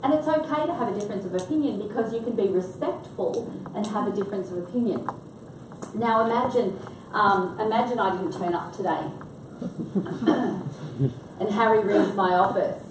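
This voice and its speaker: A woman's voice: medium pitch, normal speed, noisy background. Older woman trainer quizzing her group. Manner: engaging, quizzes the audience. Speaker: workshop trainer. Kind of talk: interactive workshop talk. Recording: echoey room, voice from far off.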